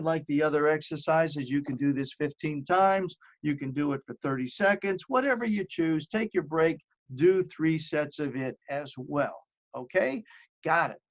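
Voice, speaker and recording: A middle-aged man with a fairly high voice talks through home exercises in a chatty, encouraging way, piling up repeated phrases for emphasis. The audio is dull and lo-fi. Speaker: wellness presenter. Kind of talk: home fitness presentation.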